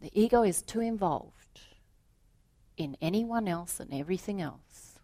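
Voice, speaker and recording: A woman giving a reflective spiritual talk, telling a story and then drawing its meaning, often asking rhetorical questions and sometimes dropping to a soft aside. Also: mid-range voice, animated, measured pace. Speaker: spiritual teacher.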